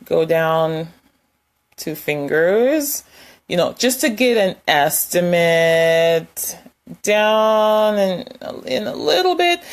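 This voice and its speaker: A woman giving a casual, conversational lesson, demonstrating tapping points with her hands and chuckling now and then. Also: lowish voice. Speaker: wellness instructor. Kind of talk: casual instructional talk.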